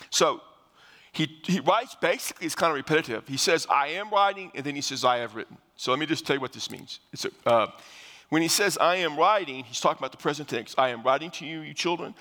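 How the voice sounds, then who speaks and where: A man's voice: mid-range voice, pushed and bright. An older man preaching a sermon, explaining scripture in a conversational way, often restarting phrases and using fillers. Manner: conversational Bible teaching with frequent restarts and fillers. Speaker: pastor. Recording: long hall reverb.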